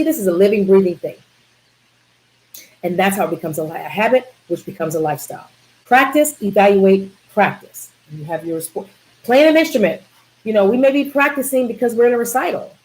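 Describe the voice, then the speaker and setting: A woman's voice: medium pitch, low-quality recording. A woman giving a live community talk on wellness, emphatic, repeating key words and asking the audience questions. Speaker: wellness presenter.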